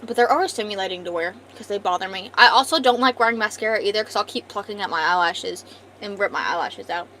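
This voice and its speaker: A young woman streaming from home, chatting casually and thinking out loud while she draws, talking fast and rambling from thought to thought. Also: mid-range voice, a little hiss or hum, low-quality recording. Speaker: art streamer. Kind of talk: casual livestream chat.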